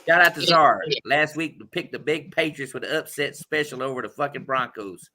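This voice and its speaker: A man hosting a casual sports talk stream, swearing freely and talking loudly and animatedly. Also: mid-range voice, brisk. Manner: loud, profane, animated. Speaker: podcast host.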